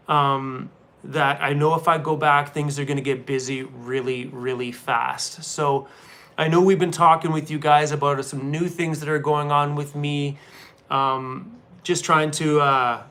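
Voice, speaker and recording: Van-life streamer, man, easygoing and chummy, fairly high voice, talks loosely to chat. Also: fairly bright tone. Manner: laid-back and chummy, calls viewers bro and man, laughs often. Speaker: van-life YouTuber hosting a live stream. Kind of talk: casual live-stream chat, reading viewer comments. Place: hotel room, seated on a small chair.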